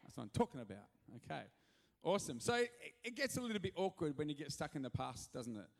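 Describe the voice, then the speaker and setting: A male pastor giving an animated, joking sermon with sudden loud rises in a church hall. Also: a little high, fast talker, vocal fry. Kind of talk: energetic sermon.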